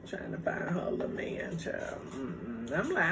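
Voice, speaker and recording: A woman's voice: low-pitched, very animated, moderate pace, few pauses, a crowd in the background. Chatty woman eating on camera. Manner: playful, chatty, laughs often. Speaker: mukbang vlogger. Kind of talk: casual chat while eating. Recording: noisy home recording.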